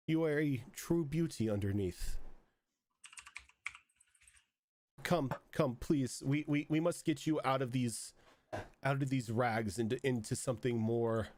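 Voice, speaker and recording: A man voicing a haughty, self-important woman who runs a fancy bathhouse, fussy and flattering. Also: medium pitch, lightly acted. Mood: fussing.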